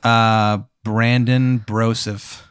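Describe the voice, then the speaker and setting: A male host narrating an improvised comedy scene in a playful, deadpan way. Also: fairly low pitch, very slow, clean tone, dry recording, clean studio sound. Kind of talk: improv storytelling.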